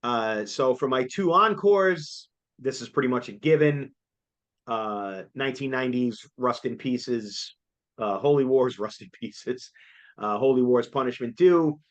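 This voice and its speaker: A man, chatting casually as co-host, excitable and jokey and laughing often. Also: medium pitch, a little slow, muffled recording. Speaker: co-host reviewing a concert. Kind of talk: casual chat.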